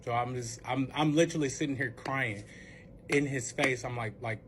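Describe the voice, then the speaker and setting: A young man telling a personal story in casual storytime style, rambling and profane, swinging between hushed recounting and heated outbursts. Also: mid-range voice, normal speed, slight background noise. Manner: rambling, profane, full of "like" fillers.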